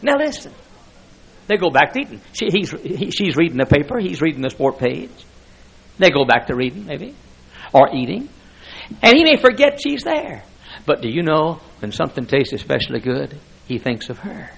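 A man's voice: fairly high pitch, sing-song, normal speed, gravelly, fairly bright tone, husky, rough recording. An older man preaching a folksy sermon full of stories, chuckling often as he talks. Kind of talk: sermon with anecdotes.

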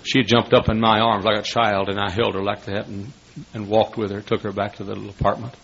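Older man, sermon storytelling, bright forceful tone, muffled lo-fi recording. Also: fairly low pitch, little pitch movement, a little fast, gravelly, husky. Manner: folksy, dramatic, building to shouts. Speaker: preacher.

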